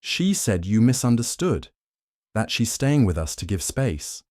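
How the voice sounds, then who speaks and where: Older Southern mother-in-law, Georgia drawl, gentle and soothing, read by a deep-voiced man. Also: big pitch swings, measured pace, dry recording, studio quality.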